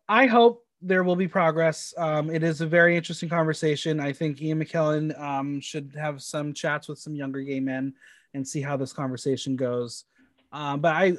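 A man with a fairly high voice leads a casual podcast chat, stumbling through quick restarts as he talks. He is recorded close and dry, with almost no room sound. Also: no room sound. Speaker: podcast co-host.

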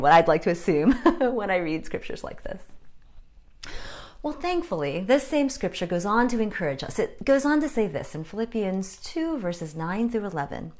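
A woman giving a conversational sermon, candid and self-deprecating, with frank asides to her listeners. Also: mid-range voice. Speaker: preacher.

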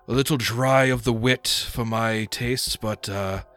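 A man voicing an eccentric old wizard host who is politely formal, and who erupts into high shrieking rage at pests. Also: steady tone, unhurried, a bit bright, faint music behind, natural voice. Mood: genteel.

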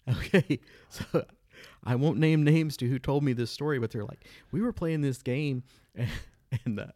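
A man's voice: medium pitch, normal speed, a little mellow, dry recording, studio quality. A man co-hosting a casual chat, telling tabletop game anecdotes in a laid-back way with chuckles. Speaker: podcast co-host.

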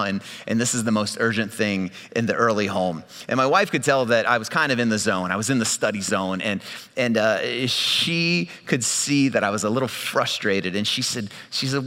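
A male pastor delivers a sermon in a casual, storytelling manner, often restarting his phrases. His voice is bright and forceful. It rings out with a long reverb, as in a large hall. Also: mid-range voice, normal speed. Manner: conversational storytelling with repeated restarts.

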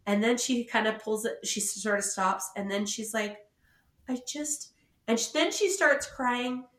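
A woman co-hosting a casual podcast, telling a story and slipping into the voices of the people in it. Her voice is bright and forward, and the recording has a roomy echo around it. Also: on the high side, normal speed. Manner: animated storyteller, acts out quotes. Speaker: podcast co-host. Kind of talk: casual chat.

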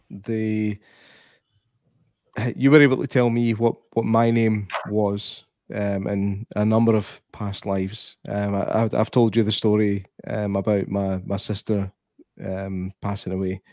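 A man's voice: lowish voice, level tone, unhurried, mellow, no room sound. A man interviewing a guest, hesitant and restarting his questions, swearing casually.

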